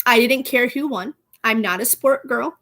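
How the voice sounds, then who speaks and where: A woman in her thirties hosting a casual pop culture podcast, chatty and animated, laughing often and using playful slang. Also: a little high, normal speed. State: gets out of breath walking, pregnant. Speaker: podcast host.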